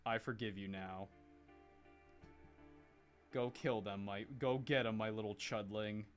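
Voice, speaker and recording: A man playing a calm fatherly male commander who speaks softly and patiently. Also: lowish voice, measured pace, faint music behind, natural voice. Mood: indulgent.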